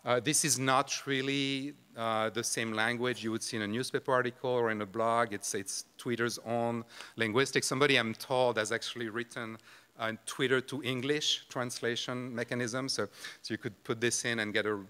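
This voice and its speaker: A man's voice: mid-range voice, steady tone, moderate pace, sharp tone, clean tone. A man giving a conference presentation on a microphone in a large lecture room, hesitant and full of fillers and restarts. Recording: long hall reverb.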